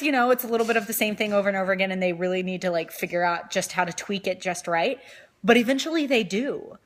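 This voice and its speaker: A woman's voice: mid-range voice, fast. A young woman talking casually to her viewers in a motivational vlog, chatty and earnest, repeating phrases for emphasis. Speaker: vlogger.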